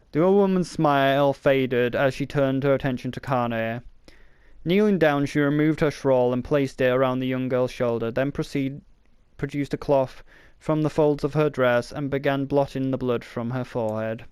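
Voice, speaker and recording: A man's voice: medium pitch, fairly even intonation, moderate pace, darkish tone, clean tone, dry recording, clean studio sound, soft background music. A man casually reading a novel aloud, often stumbling and restarting words, with the odd joking aside. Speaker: reader.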